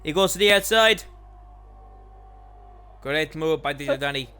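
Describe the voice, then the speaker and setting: Guy doing live sim racing commentary, bright punchy voice, gets hyped on overtakes, a bit of music in the back. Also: a little high, a little slow, clear, resonant tone. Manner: excitable, voice climbs during overtakes. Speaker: lead commentator for an online sim racing league.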